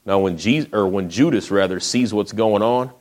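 A man with a lowish voice preaches a sermon at normal speed, retelling the story in a folksy manner. He acts out the quotes and often drops to a hush.

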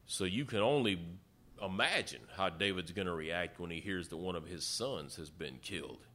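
A man's voice: low-pitched, lively intonation, moderate pace, sharp tone. A man preaching a sermon, retelling a story in a folksy way and acting out the quotes. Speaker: pastor.

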